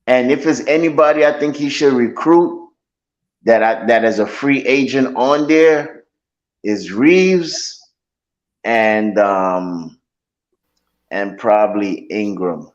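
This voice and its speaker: A man co-hosting a casual sports podcast, talking in a slow, easygoing way. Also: medium pitch, lo-fi sound. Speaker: podcast co-host.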